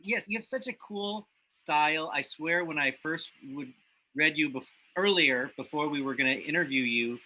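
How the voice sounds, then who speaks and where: A male podcast host with a very bright, sharp voice leads a casual interview. He speaks earnestly but haltingly, stumbling and repeating words. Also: fairly high pitch, a little hiss or hum, low-quality recording.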